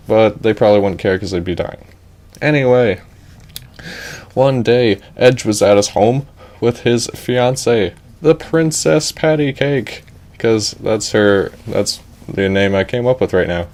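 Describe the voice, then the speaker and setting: A man's voice: on the low side, measured pace, darkish tone. A man improvising a goofy comic story in a rambling, offhand way, breaking off for asides.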